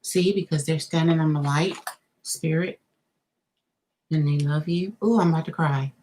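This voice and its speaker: A woman reads tarot cards live for her viewers in a notably deep, low voice. She thinks out loud and reacts to each card with gasps and laughter. A faint hiss of noise sits behind her. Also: moderate pace, low-quality recording. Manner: talks straight to the viewer, thinking aloud. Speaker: tarot reader. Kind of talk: live-streamed tarot reading.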